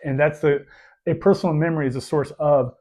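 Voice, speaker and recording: A man's voice: a little high, fairly even intonation, brisk, mellow. A man co-hosting a podcast in casual chat, rambling and self-deprecating with lots of fillers. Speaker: podcast co-host.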